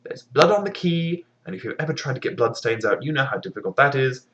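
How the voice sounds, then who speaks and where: A storyteller retelling a fairy tale as comedy, with deadpan, sarcastic asides. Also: medium pitch, fast talker, lo-fi sound, slight background noise.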